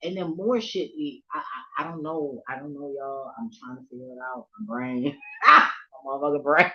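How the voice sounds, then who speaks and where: Animated, profane woman vlogger, lo-fi. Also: deep voice, moderate pace. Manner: animated, profane, laughs a lot, loudness swings from murmurs to near shouts. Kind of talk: casual storytelling rant to camera.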